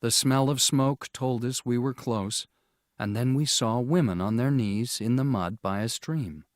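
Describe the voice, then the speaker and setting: A man narrating a storybook audiobook in a slow, measured, clear reading style. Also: medium pitch, dry recording, studio quality.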